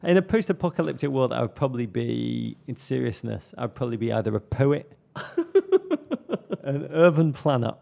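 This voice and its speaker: A man's voice: mid-range voice, very animated, moderate pace, vocal fry, mellow. A man from Liverpool with a light Liverpool accent, co-hosting a podcast and telling anecdotes in a dry, wry way. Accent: light Liverpool English. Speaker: podcast co-host. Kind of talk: casual chat, anecdotes.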